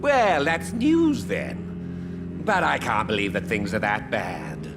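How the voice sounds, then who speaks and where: An actor playing a genial, oddly cheerful shopkeeper who relishes fine food, speaking theatrically. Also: male voice, mid-range voice, huge pitch swings, takes it slowly, creaky, music in the background, full character voice. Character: jovial male gourmand shopkeeper, oddly cheerful.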